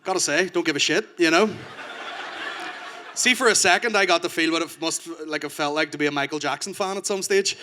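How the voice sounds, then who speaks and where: A Northern Irish man doing stand-up, his voice high and bright as he rattles through crude stories. There is a faint hum of ambient noise behind him. He swears freely and keeps the jokes coming. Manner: crude, rapid storytelling. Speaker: stand-up comedian. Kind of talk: stand-up set.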